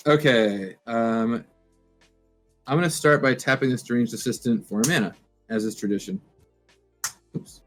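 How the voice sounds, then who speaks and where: An easygoing man talking through his card game turn on a webcam call from home, counting under his breath and musing aloud. His pitch is ordinary for a man, and the voice is plain and unforced. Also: normal speed, long pauses, soft background music. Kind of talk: casual game-play chat. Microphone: webcam video call.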